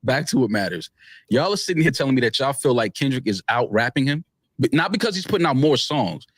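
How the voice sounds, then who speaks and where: A man's voice: mid-range voice, big pitch swings, quick pace, no echo. A man in a talk debate, insistently pulling the argument back on track. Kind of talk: heated debate.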